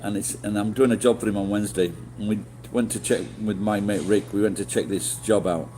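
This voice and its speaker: A man's voice: fairly low pitch, steady tone, fairly quick, dark tone. Rambling, swearing man. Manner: rambling, swearing, many restarts and fillers. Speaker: livestreamer. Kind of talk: casual storytelling to chat.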